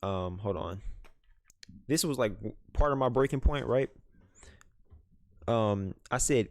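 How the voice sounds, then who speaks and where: A young man casually retelling a story for his vlog, animated, with many fillers. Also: mid-range voice, slow, long pauses, no echo, studio quality. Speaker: vlogger. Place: home room, dog nearby.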